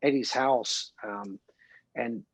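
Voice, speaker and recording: A male musician guest from Ohio, telling excitable, rambling stories full of fillers in a casual interview. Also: medium pitch, takes it slowly, gravelly, husky, dry recording, rough recording. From Columbus, Ohio.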